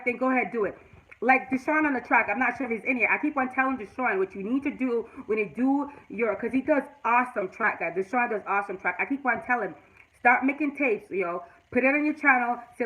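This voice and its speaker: Jamaican woman, middle-aged, slightly high voice, emphatic, live-stream chat. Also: a little fast, fairly bright tone, poor audio. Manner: emphatic, repeats herself, chats to viewers.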